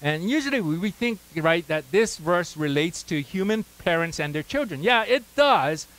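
A man's voice: high-pitched, lively intonation, moderate pace, a bit bright, poor audio. A pastor preaching a sermon, conversational and full of "right?" asides, prompting his congregation to call out words.

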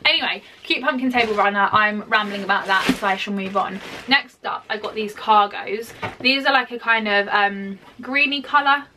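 A woman's voice: mid-range voice, moderate pace, far from the mic, background noise. A young British woman vlogging a try-on haul at home, rambling and chatty with lots of filler words. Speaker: fashion vlogger. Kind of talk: casual try-on haul chat. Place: home office.

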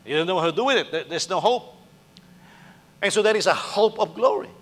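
A man's voice: high-pitched, expressive, brisk, fairly bright tone, big-room sound. A male pastor preaching conversationally, acting out little dialogues and firing rhetorical questions at the congregation. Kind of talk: sermon.

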